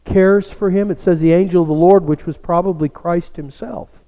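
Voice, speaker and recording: A male pastor preaching a sermon, telling a story slowly and dropping to a hush for emphasis. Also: sits high, steady tone, long reverb tail, lo-fi sound. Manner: slow, storytelling delivery that drops to a hush for emphasis.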